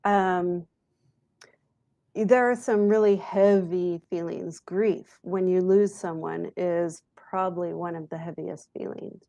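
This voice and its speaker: Slow, mellow-voiced woman guest. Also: lowish voice, vocal fry, dry recording, highs cut off. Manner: calm, gentle, instructive. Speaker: guest, author on emotional resilience. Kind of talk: podcast interview talk.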